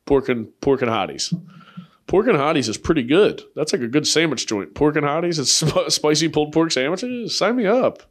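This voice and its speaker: A man's voice: a little high, sing-song, moderate pace. A young man hosting a comedy podcast, rambling in crude, profane bursts and laughing often at his own jokes. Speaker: podcast host.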